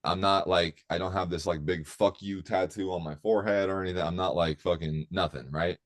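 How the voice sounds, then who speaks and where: A man's voice: low-pitched, fairly even intonation, fairly quick. A man telling a rambling, profane story in casual chat, full of fillers.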